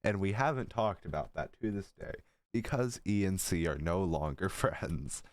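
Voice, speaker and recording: A teenage boy with a low, deep voice tells stories in a giggly, rambling way, tossing in profane asides. His throat sounds a little dry, and the recording is close and dry, with no room sound. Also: moderate pace, no echo. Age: teens. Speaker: storytelling creator. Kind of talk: casual storytime vlog.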